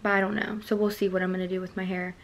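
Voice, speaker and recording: A young woman, chatting casually and excitably in a vlog, swearing freely and using slang. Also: mid-range voice, racing. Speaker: vlogger.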